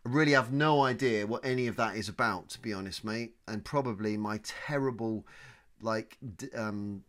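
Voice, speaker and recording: A man's voice: fairly low pitch, moderate pace, a bit bright. A British man co-hosting a comedy podcast, chatting casually with dry remarks. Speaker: podcast co-host. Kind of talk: casual banter.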